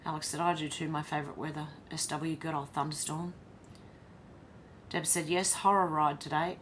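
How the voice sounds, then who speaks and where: An Australian woman chats casually while reading out viewer comments, answering each one. Her voice sits fairly low, with a faint rumbling hiss behind it. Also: flat delivery, moderate pace, fairly bright tone. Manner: chatty, reads comments aloud and reacts. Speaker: livestream host reading chat.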